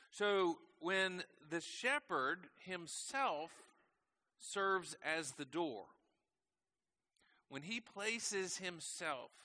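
A pastor preaching a sermon in a conversational way, often asking his listeners questions and letting his voice slow and soften at the ends of phrases. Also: a little high. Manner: conversational, asks the congregation questions; slows and drops softly at the ends of phrases.

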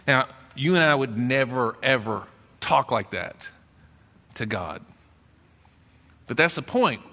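A man with a Texan accent preaching a sermon in church, talking conversationally and dropping into a low grumbling voice when he acts out a doubter. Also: expressive, slow pace, bright, forceful tone. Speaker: pastor. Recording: long reverb in a church hall.

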